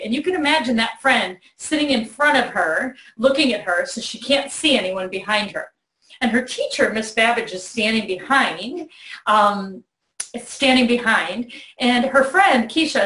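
Animated woman telling a story in an echoey room. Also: on the high side. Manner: animated storyteller, acts out voices in quotes. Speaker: host. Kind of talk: warm storytelling to a child on video. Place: child's bedroom.

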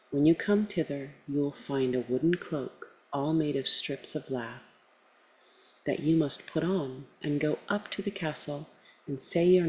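A woman voicing a protective male magic bull in a storybook reading, speaking calmly and steadily. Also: deep voice, low-quality recording.

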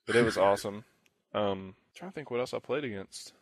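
A young man with a low voice co-hosts a casual podcast and tells long, rambling stories. He acts out other people's lines in the middle of the story. The recording is dry and close to the mic, with no room sound. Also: fast talker, no echo. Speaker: podcast co-host. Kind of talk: casual chat.

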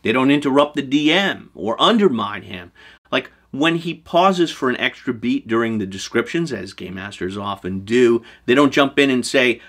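A man presents his lessons on running tabletop games in a scripted talk to camera. His voice sits in the middle range but leaps around with lively, emphatic swings. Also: mid-range voice, normal speed. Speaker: show host giving game master advice.

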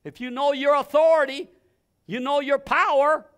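A man preaching a sermon as pastor, emphatic, repeating phrases in bursts and now and then shouting commands. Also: very high voice, steady tone, moderate pace.

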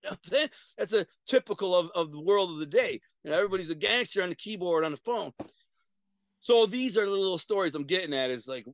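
A middle-aged man, a guest on a video-call interview, telling profane street stories in an animated way with sudden loud bursts. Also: high-pitched, fast, no echo. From Detroit, USA. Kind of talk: casual storytelling.

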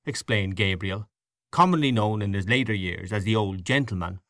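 A man narrating an audiobook in a measured storybook reading. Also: lowish voice, fairly bright tone, no room sound, clean studio sound. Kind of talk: scripted narration.

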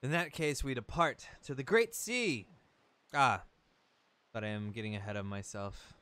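On stream, a man reads game dialogue aloud with light acting, voicing a wise, solemn talking boat that guides a hero. His mid-range voice is clear, resonant, and sharp in tone at normal speed, and he reads the text boxes while stumbling on words.

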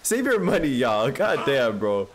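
Excitable man from streaming games. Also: medium pitch, measured pace, background noise. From Toronto, Canada. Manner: excitable, chatty, addresses chat as fam. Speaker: game streamer. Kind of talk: live gameplay commentary.

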